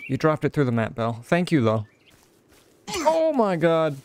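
A young man giving casual let's-play commentary, excitable, exclaiming and chatting to an in-game companion. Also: on the high side, moderate pace, slight background noise. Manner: excitable, talks to companion character, frequent laughs and exclamations. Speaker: gaming channel host.

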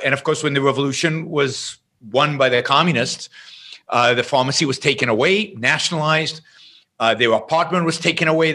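A man as an interview guest, telling an anecdote in a lively way and often restarting his sentences. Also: mid-range voice. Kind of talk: explaining and storytelling in conversation.

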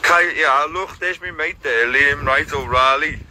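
Slangy man, bright voice. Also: a little high, slight background noise, poor audio. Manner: rapid slangy banter full of restarts. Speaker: host of a live stream. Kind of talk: casual chat on a live stream.

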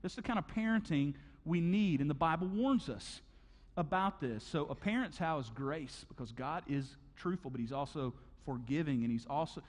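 A man preaching a sermon as pastor, conversational and animated, acting out stories with sound effects. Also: fairly high pitch, normal speed, big-room sound. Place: church auditorium.

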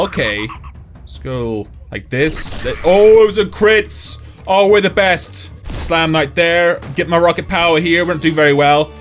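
A man's voice: fairly high pitch, a little slow, a bit bright, faint music behind. A man giving casual, jokey commentary while playing a video game, often yelping and laughing. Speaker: gaming YouTuber.

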